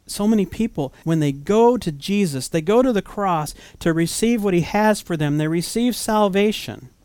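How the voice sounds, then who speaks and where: Earnest preacher man, smooth dry voice. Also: high voice, lively intonation, moderate pace, a little mellow, no room sound. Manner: earnest, conversational preaching with rhetorical questions. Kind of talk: sermon.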